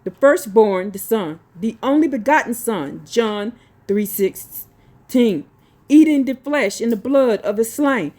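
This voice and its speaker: A woman's voice: a little high, expressive, a little mellow. Blunt, scolding woman preacher. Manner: slow deliberate reading broken by scolding rants; blunt, profane, colloquial. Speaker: religious teacher. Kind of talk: reading notes with heated asides.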